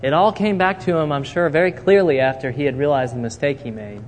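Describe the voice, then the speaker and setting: A man's voice: on the high side, brisk. Man preaching in an echoing hall. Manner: animated storytelling, acting out quotes. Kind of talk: sermon. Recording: long reverb in a hall, faint noise.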